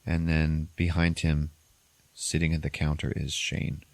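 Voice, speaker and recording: A podcast host casually recapping a film, telling it in a profane, animated way. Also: male voice, very deep voice, measured pace, no echo.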